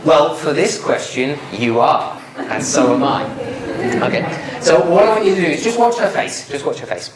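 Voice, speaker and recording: A man's voice: on the high side, lively intonation, normal speed, a loud crowd. A man giving a live public speaking presentation, joking and questioning the audience in a lecture room. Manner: playful, joking, quizzes the audience. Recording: roomy hall sound, faint noise.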